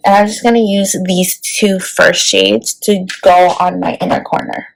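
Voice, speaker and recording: Chatty woman with a creaky voice. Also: fairly low pitch, little pitch movement, unhurried, poor audio. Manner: chatty, peppered with "like" and "let me tell you". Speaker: beauty vlogger. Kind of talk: casual makeup tutorial.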